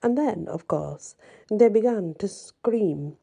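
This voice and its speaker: Slow, dark-voiced woman storyteller. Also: mid-range voice, creaky, husky. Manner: measured, expressive storytelling. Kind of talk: reading a fairy tale aloud.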